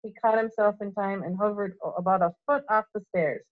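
Teacher reading a storybook aloud. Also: female voice, medium pitch, fairly quick, no room sound. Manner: steady, expressive storytelling. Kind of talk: reading a novel aloud to children. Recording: dull lo-fi recording.

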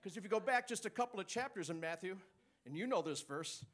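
Male preacher, high voice, animated sermon with call-and-response. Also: fast talker.

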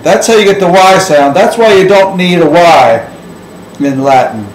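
A man's voice: high voice, normal speed, a little hiss or hum. A man teaching a Latin lesson at a board, playfully drawing out vowel sounds to demonstrate them. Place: classroom. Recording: echoey room with faint ambience.

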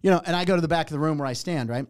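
A middle-aged man, a comedian and warm-up host, telling an animated, profane story and acting out other people's lines. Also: fairly high pitch, very fast, clean tone, dry recording, clean studio sound. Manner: animated, profane, acts out other voices in anecdotes. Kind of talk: casual storytelling.

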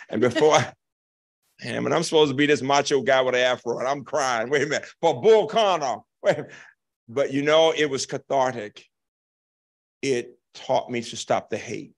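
Older man, gravelly voice, keynote speaker, animated emphatic storytelling, dramatic pauses. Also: medium pitch. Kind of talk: storytelling answer to audience question. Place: lecture hall.

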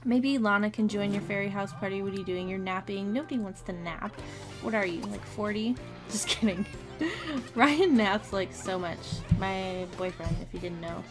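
Faint game music sits behind a young woman with a mid-range voice speaking at a normal speed. She's doing casual let's-play commentary on a life-simulation game, chatty and giggly, and often talks directly to her characters.

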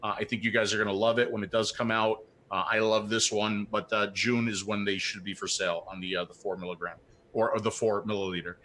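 A man's voice: lowish voice, level tone, fast talker, sharp tone, a little hiss or hum. A man co-hosting a live call-in show, ranting with fire and repeating his points for emphasis. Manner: fired-up ranting, repeats himself. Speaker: co-host.

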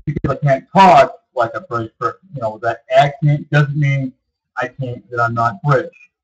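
Vlogger, male, early 30s, husky voice, meandering delivery, dull lo-fi recording. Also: medium pitch, normal speed. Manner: meandering, repeats himself, many fillers. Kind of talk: rambling casual monologue.

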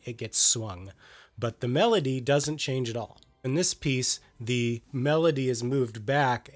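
A man talking through a music lesson in a relaxed, conversational way, explaining ideas step by step. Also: mid-range voice. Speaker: music educator.

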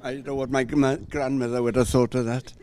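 A man's voice: mid-range voice, level tone, brisk, darkish tone. A Welsh man at a church service, chatting with a hesitant, self-deprecating manner before reading scripture. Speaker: scripture reader. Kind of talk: casual remarks before a reading.

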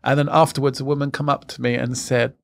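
A man's voice: medium pitch, level tone, quick pace, vocal fry. A young adult man with an Irish accent, chatting as a comedian guest in a camp, cheeky, giggly way. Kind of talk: casual interview chat.

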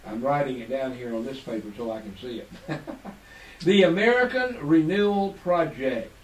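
A man preaches to his listeners in a slow, drawn-out, emphatic cadence. His voice sits a little high. He sounds set back from the mic in a roomy, echoing space. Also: far from the mic. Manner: drops to quiet asides when unsure. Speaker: radio talk show host.

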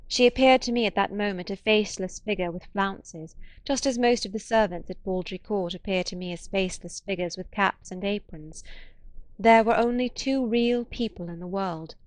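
A woman narrating a classic novel in a measured, expressive audiobook reading. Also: medium pitch, no room sound.

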